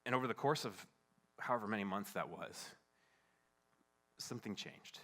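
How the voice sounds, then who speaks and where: Bright-voiced man preaching a sermon. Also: fairly low pitch. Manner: earnest, halting delivery with many restarts; swings between hushed and emphatic. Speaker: pastor. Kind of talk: sermon with personal storytelling. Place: church service.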